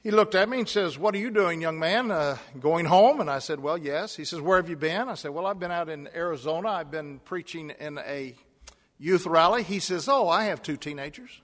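A man's voice: a little high, expressive, normal speed, a bit bright. A man preaching a sermon, telling a personal story and building to emphatic repeated calls. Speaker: pastor. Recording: long hall reverb.

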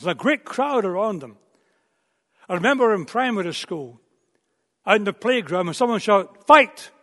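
A man's voice: high-pitched, fairly bright tone. A man preaching a sermon in a storytelling way, often repeating words as he builds a point. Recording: long reverb of a hall.

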